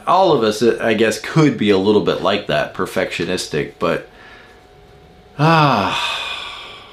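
A man teaching the Enneagram in an informal, emphatic way, with many rhetorical questions to his viewers. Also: fairly low pitch.

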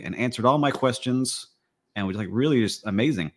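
Easygoing male co-host with a mid-pitched voice, relaxed storyteller. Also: brisk. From Miami, USA. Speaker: podcast co-host. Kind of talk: casual chat.

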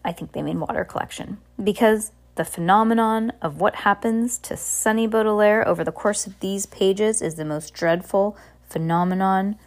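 Young mom reading a storybook aloud, informal, trips over words and adds asides. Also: female voice, medium pitch, normal speed. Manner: informal, with restarts and chatty asides. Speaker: parent reading aloud to her child. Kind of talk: casual storybook read-aloud.

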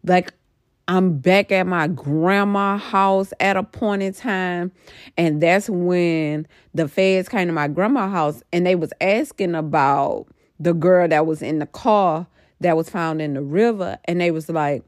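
A woman's voice: fairly low pitch, unhurried, no echo, clean studio sound. A middle-aged woman casually recounting a dream in a rambling, emphatic way, full of fillers. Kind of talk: casual storytelling about a dream.

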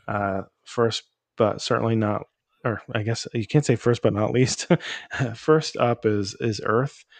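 Chill guy hosting a podcast, kinda low voice, dry sound, lots of ums. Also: dry recording. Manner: relaxed, chuckling, lots of fillers. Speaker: podcast host. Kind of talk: casual podcast chat.

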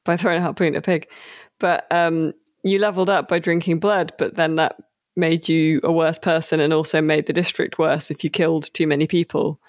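A podcast co-host chatting casually about a game, rambling with many fillers and slowing down on key words. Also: mid-range voice, flat delivery, no room sound, studio quality.

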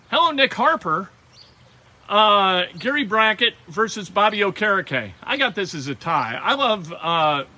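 A man hosting sports talk, giving emphatic opinions in a quick, conversational way. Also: high voice, pushed and bright. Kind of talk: sports radio commentary.

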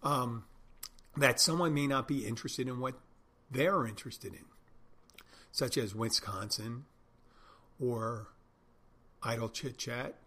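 Man, middle-aged, husky, casual rambling monologue, wry, self-correcting. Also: mid-range voice, slow pace, long pauses, bright, forceful tone. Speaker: podcast host, bartender.

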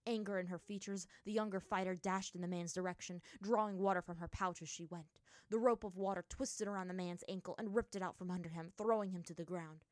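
Brief: female narrator reading a fantasy story, slightly low voice, dry recording. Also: fairly even intonation, fairly quick, hardly any pauses, dry recording. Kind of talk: reading fan fiction aloud.

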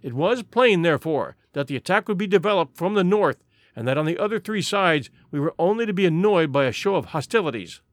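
Lively, high-voiced male storyteller. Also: a little fast, dry recording. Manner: vivid, dramatic storytelling. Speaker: audiobook narrator. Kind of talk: scripted storybook narration.

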